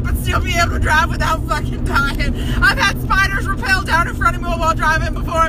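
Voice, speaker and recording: A young woman with a high voice rambles through a casual rant, packed with fillers and cursing. Heavy noise and the murmur of a crowd sit loudly behind her, as if recorded on the move. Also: fairly even intonation, brisk, hardly any pauses. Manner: swears constantly, rambling with many fillers. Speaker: vlogger. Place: partly in a moving car. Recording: loud road noise and crowd chatter.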